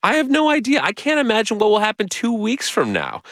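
A middle-aged man, a journalist and author, giving measured, earnest explanations as a guest in a radio interview. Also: sits high, wildly swooping pitch, a bit bright, no room sound.

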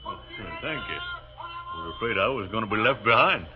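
An actor in a 1940s-style radio drama playing a polite, easygoing American infantry captain who speaks plainly and modestly. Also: male voice, fairly low pitch, expressive, quick pace, music in the background, close to an everyday voice. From United States. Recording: dull old radio recording, faint hiss.

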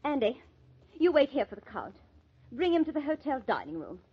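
An actress playing a haughty, affected film star in a 1940s radio drama. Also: female voice, sits high, sing-song, normal speed, slightly rough, exaggerated voice. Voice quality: lofty, affected. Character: haughty glamorous female film star, young adult. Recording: muffled old radio recording.

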